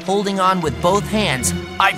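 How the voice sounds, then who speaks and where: A man's voice: high voice, unhurried, over music, pitched above the performer's own voice. A man reading an audiobook, voicing a frightened young boy who narrates breathlessly and cries out in panic. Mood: frantic.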